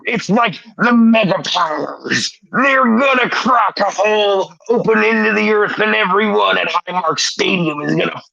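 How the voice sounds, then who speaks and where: A man putting on the voice of a boastful 1980s-style pro wrestler cutting a slow, growling promo. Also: high-pitched, creaky, bright, forceful tone, no echo, dull audio, voice pushed up, full character voice. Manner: slow, growling hype delivery ending lines with "brother".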